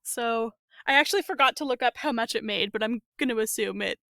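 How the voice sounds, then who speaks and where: A woman's voice: a little high, brisk, pushed and bright, no room sound, clean studio sound. A woman co-hosting a casual movie podcast, sharing trivia with filler ums and owning her slips lightly. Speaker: podcast co-host. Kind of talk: casual movie-review chat.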